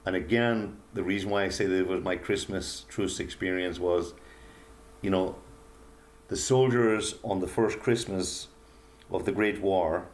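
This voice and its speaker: Deep-voiced older man telling a story. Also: steady tone. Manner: slow, earnest, halting with pauses and fillers. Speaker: guest author. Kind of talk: reflective storytelling interview.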